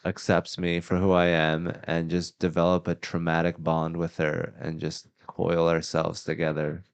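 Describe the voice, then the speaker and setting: A man's voice: low voice, monotone, a little slow, gravelly, smooth. A man hosting a casual live talk show, asking teasing, probing questions. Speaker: host. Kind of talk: casual podcast chat.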